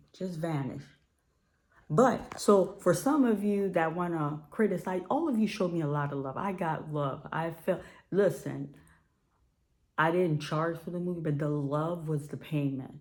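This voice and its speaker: A woman's voice: low-pitched, a little slow, a little mellow. A woman filmmaker from Ohio speaking bluntly and emphatically to her viewers, repeating words for stress. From Ohio, USA. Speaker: independent filmmaker. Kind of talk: casual direct-to-camera talk.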